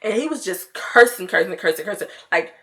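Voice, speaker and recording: A woman's voice: medium pitch, expressive, brisk, pushed and bright. A woman vlogger telling a story in casual chat, with laughing asides to her viewers.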